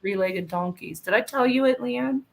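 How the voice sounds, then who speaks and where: A woman in her thirties co-hosts a casual podcast, her voice pitched fairly high. She chats freely and giggles often. She rattles off stories quickly. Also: vocal fry. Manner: chatty, giggly, tells stories fast. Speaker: podcast co-host. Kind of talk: casual chat reading live comments.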